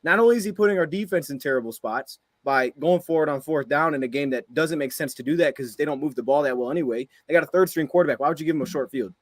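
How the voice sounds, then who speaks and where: A man rants after a game at a rapid clip, his voice sitting a little high as he stacks one exasperated rhetorical question on another. The sound is dry and close, with no room around it. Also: no echo. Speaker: sports podcast co-host. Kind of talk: heated post-game rant.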